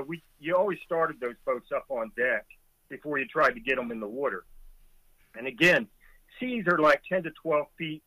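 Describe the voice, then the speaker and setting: This guest, a middle-aged man and former Coast Guard boatswain's mate, recounts a rescue with lively detail and occasional chuckles during a conversation. His fairly high voice sounds pushed and bright on a dry, low-quality recording.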